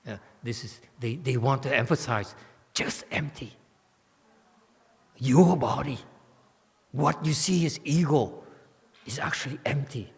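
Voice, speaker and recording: A man giving a Buddhist sutra commentary as teacher, who keeps checking in with "okay?" and teases his listeners. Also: mid-range voice. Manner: playful, teasing asides to listeners. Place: temple lecture hall. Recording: long hall reverb.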